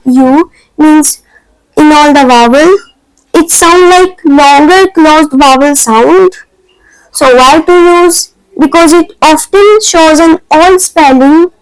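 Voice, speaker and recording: A woman's voice: very high voice, dry recording, low-quality recording. A woman teaching an online French lesson, explaining patiently step by step in non-native English phrasing.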